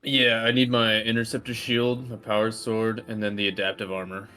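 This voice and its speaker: A man's voice: fairly low pitch, flat delivery, moderate pace, sharp tone, soft background music. A man playing a tabletop role-playing game, talking casually in character. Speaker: player.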